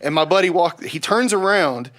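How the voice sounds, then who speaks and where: A young man telling a rowdy story on a podcast, swearing freely and loudly acting out the people he quotes. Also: sits high, expressive, moderate pace. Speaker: podcast guest. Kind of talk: casual storytelling.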